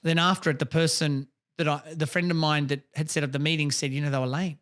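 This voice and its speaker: Blunt, high-voiced male podcast host. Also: little pitch movement, quick pace, fairly bright tone. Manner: blunt, emphatic, swears freely. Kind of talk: casual chat.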